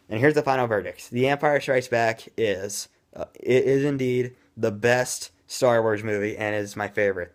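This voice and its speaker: A man giving a casual, rambling movie review in an excitable way, admitting he talks too fast. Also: fairly low pitch.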